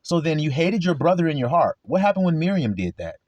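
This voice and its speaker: A man's voice: fairly high pitch, big pitch swings, a little fast, a little mellow, dry recording, muffled recording. A man preaching an informal sermon, confrontational and full of rhetorical questions, with coarse language.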